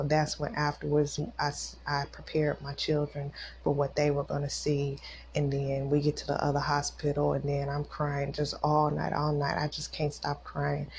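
Low, gravelly-voiced woman giving emotional testimony. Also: a little mellow. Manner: emotional, talks straight to listeners. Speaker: podcast host, mother. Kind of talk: personal testimony. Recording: dull lo-fi recording with faint noise.

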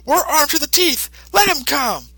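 Brash cruel male gunman, voiced by a man, raised pitch, cocky sneering delivery, bright tone. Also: animated, moderate pace, no echo, exaggerated voice.

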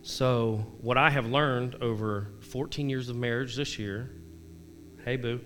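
Candid man, bright devotional vlog. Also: mid-range voice, fairly even intonation, unhurried, slight background noise. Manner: candid and self-deprecating, asks listeners questions. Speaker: devotional vlogger. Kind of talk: casual devotional talk with scripture readings.

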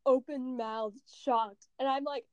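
A young woman co-hosting a casual chat about a video game, an animated storyteller who acts out what people said. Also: high voice, a little slow, clear, resonant tone, no echo, dull audio. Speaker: podcast co-host. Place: at home.

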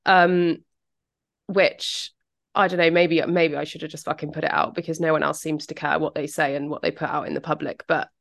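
A woman with a British accent chats as a podcast co-host, speaking in a low, polished, enunciated way. Her diction sounds almost finishing-school proper. Now and then she drops in a casual swear word. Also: flat delivery, normal speed, creaky, a bit bright. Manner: well-spoken, enunciated, occasionally sweary. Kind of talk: casual chat.

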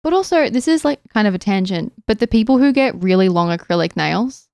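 A young woman co-hosting a podcast, reading listener messages and chatting in an animated way. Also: medium pitch, a little fast, creaky, no echo. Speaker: podcast co-host. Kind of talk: casual chat.

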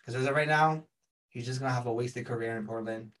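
A man's voice: mid-range voice, steady tone, fast, a bit bright, recorded from a distance, poor audio. A man co-hosting a casual sports talk, making emphatic, insistent points.

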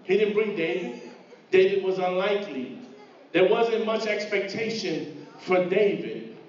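A man's voice: high voice, lively intonation, measured pace. A man preaching a sermon to a congregation, retelling a story and acting out its voices with rising fervor. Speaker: pastor. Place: church sanctuary. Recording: echoey hall from far off, dull.

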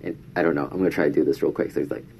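A man's voice: very deep voice, steady tone, racing, gravelly, darkish tone, slight background noise. A man telling a casual story to camera, chatty, acting out quoted lines in a raised voice. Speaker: vlogger.

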